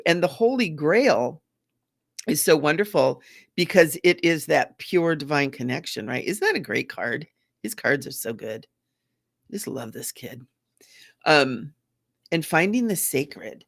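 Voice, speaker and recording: A middle-aged woman, a psychic medium, chatting casually and gently during a live reading, repeating her phrases. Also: deep voice, expressive, measured pace, gravelly, long pauses, no echo, studio quality.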